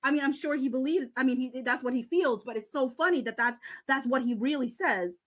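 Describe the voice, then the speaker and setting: A woman's voice: high-pitched, a little fast. A woman doing reaction commentary, reading a message aloud, speaking to its writer as if he could hear and thinking aloud. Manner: talks to the subject directly, thinks aloud with sighs and restarts. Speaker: commentary vlogger.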